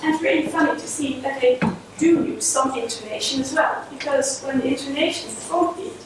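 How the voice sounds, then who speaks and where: A woman's voice: high voice, brisk. A woman giving an academic conference presentation, hesitant, with many fillers and small apologies. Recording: echoey hall from far off with noise.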